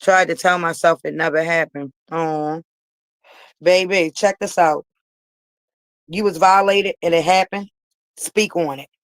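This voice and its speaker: A woman's voice: lowish voice, fairly even intonation, unhurried, pauses often, dry recording, poor audio. A woman vlogger telling a personal story straight to her viewers, emphatic and repeating herself for weight.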